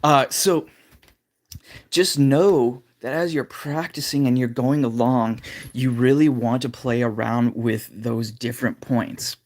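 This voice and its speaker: A man at home talks through a casual vocal lesson on a livestream. His sentences ramble and loop back, full of fillers. His voice sits at an ordinary middle pitch. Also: fairly even intonation, takes it slowly. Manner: rambling, loose talk with many fillers. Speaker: vocal coach streaming live.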